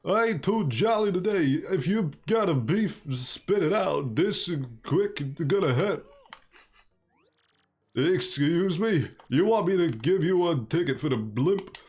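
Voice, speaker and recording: A man voicing a gruff, bossy male mob boss in a slow, clipped tough-guy gangster drawl. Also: fairly high pitch, animated, a little mellow, soft background music, pitched above the performer's own voice, heavily acted. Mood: menacing.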